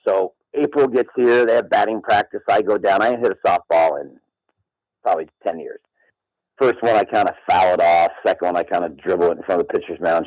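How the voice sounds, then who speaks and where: A man's voice: deep voice, a little mellow, no echo, low-quality recording. A man in his sixties telling a boastful story in casual radio chat, acting out both sides of the dialogue with animation. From Midland, Michigan. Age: 60s. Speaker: radio show guest.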